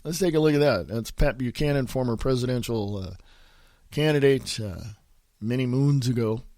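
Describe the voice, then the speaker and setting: A man's voice: mid-range voice, moderate pace, darkish tone, no room sound, clean studio sound. Sniffly congested male podcast host. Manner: rambling, loose, mumbles asides. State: congested with sinus infection, sniffly. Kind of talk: casual solo podcast with read-aloud articles.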